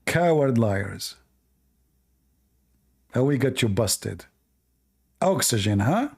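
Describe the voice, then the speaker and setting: A man's voice: medium pitch, expressive, slow, gravelly, husky. A man hosting a live call-in debate, mocking and scornful toward the caller. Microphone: online call.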